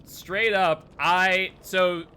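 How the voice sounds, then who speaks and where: A man giving live commentary while playing a game, excitable and quick to laugh, jumping to shouts when startled. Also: high voice, clean tone. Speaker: game streamer.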